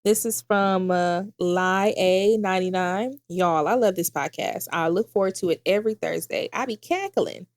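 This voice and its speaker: A woman's voice: lowish voice, normal speed, hardly any pauses, darkish tone. A woman co-hosting a podcast, chatting casually in slang and laughing often. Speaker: podcast co-host.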